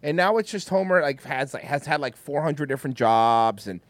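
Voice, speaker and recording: Animated man in casual chat. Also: a little high, normal speed, dry recording. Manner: animated, swearing, acts out cartoon lines.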